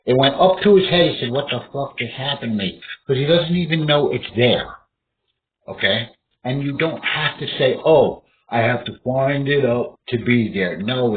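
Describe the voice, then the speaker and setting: A man rambles through a fighting lesson, swearing freely and breaking into loud mock cries for his imagined opponent. His voice swings widely in pitch. It comes through thin and tinny over a faint hiss. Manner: profane, rambling, acts out opponent's reactions with outbursts. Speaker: martial arts instructor. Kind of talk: rambling casual instruction to camera. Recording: tinny phone-like sound with faint noise.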